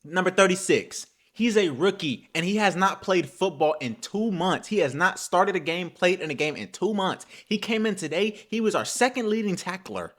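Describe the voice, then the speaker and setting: A young man hosts a solo football talk show. His voice sits a little high for a man, and he swings between low mutters and loud, animated trash talk full of curses. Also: normal speed, hardly any pauses. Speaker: host.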